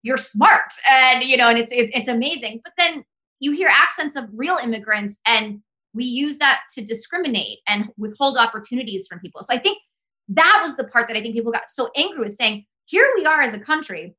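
A young woman talks on a podcast with a bright, forceful tone and a fairly high voice. She speaks earnestly and with passion, often saying "like" as she goes. She grew up in the United States. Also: fairly quick. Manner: impassioned, earnest, heavy use of "like". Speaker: podcast guest. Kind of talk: casual podcast conversation.

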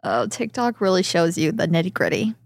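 A woman co-hosting a casual podcast, from Southern California, chatting in an animated way and acting out what other people said. Her voice sits at a middle pitch, recorded close and dry with no room sound. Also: fairly quick, vocal fry, dry recording. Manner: animated storytelling, quoting others in lively voices. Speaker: podcast co-host. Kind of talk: casual chat.

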